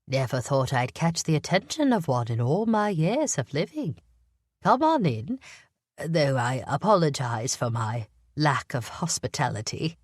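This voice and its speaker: A woman reading an audiobook, voicing a frail, sharp-eyed old woman, sick in bed, who teases in a wry, blunt way. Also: low-pitched, sing-song, unhurried, no room sound, clean studio sound, full character voice. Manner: wry and teasing. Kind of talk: audiobook character voice.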